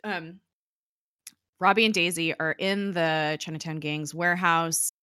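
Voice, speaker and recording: A woman's voice: lowish voice, fairly even intonation, measured pace, bright, forceful tone, clean tone, dry recording, studio quality. A young woman in casual chat, recapping a TV episode and paraphrasing the characters with lots of "like". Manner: chatty, peppers speech with "like", paraphrases characters' lines. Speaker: podcast host recapping a TV episode.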